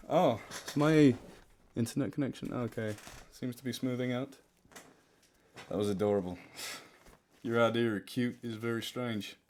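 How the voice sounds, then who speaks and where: A man's voice: mid-range voice, steady tone, unhurried, long pauses, darkish tone, reverberant, recorded from a distance. Man putting on an Australian accent. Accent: put-on Australian. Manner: joking, self-mocking, chatting to viewers. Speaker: charity livestreamer. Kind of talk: casual livestream chat.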